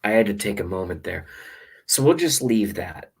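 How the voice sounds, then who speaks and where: A man with a low, husky voice rants into a webcam, rambling and sarcastic and dropping profanity. He talks straight to camera like a political vlogger. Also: animated, normal speed, darkish tone, poor audio. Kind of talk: ranting monologue to camera.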